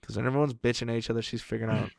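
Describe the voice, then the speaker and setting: A young man chatting on a podcast with friends, spinning a long family story. He rambles with fillers and casual swearing. His voice sits at a mid pitch, recorded close and dry. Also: steady tone, rapid-fire, creaky, dry recording. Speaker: podcast co-host. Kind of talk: casual chat.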